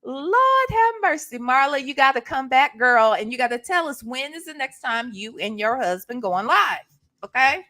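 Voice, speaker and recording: A woman's voice: high voice, sharp tone. A woman hosting a live stream in casual chat. She greets viewers one by one and adds emphatic asides. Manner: chatty, drawn-out, emphatic asides. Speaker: livestream host.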